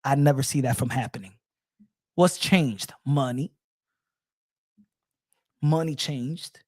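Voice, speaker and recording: A man's voice: medium pitch, slow pace, dry recording, studio quality. A man, ranting as a profane, mocking boxing commentator.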